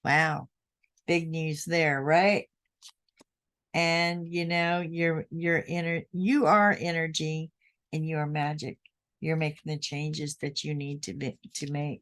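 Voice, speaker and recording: A woman's voice: low voice, fairly even intonation, a little slow. A woman hosting a psychic podcast, giving readings to her listeners in an emphatic way, often repeating her points. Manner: emphatic, repeats key words, addresses listeners directly.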